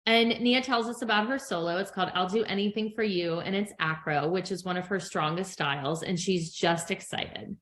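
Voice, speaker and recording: A woman's voice: fairly low pitch, moderate pace, few pauses, fairly bright tone. Chatty middle-aged woman podcast co-host. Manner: chatty storyteller acting out quotes, laughs often. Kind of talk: casual chat recapping a reality show.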